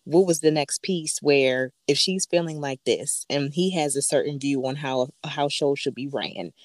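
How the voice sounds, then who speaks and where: A podcast co-host in a casual chat who lays out points in a measured, reasoning way. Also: medium pitch, no echo, studio quality.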